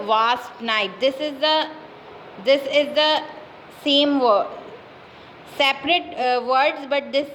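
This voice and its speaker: A woman teacher with a Pakistani English accent giving a class lesson, dictating words slowly and repeating them with many fillers. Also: sits high, a bit bright, slight background noise, low-quality recording. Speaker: school teacher.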